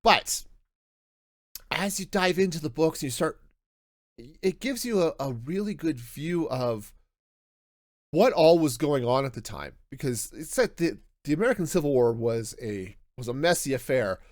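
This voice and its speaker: A man hosting a podcast, talking through a book review in a casual, animated way, often restarting his sentences. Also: fairly high pitch, normal speed, no echo, clean studio sound. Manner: animated, self-interrupting with restarts and laughs. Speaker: podcast host.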